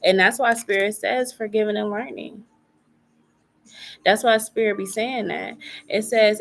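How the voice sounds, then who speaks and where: A tarot reader does a live reading in a chatty manner, repeating phrases and filling gaps with small asides and plenty of fillers. She has a mid-range, creaky, fairly bright voice, speaks unhurriedly, and pauses often.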